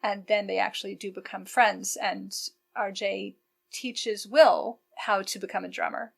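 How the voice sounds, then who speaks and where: A woman hosting a podcast interview, explaining things in a warm way for listeners. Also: medium pitch, fairly even intonation, measured pace, vocal fry, breathy edge. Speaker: podcast host.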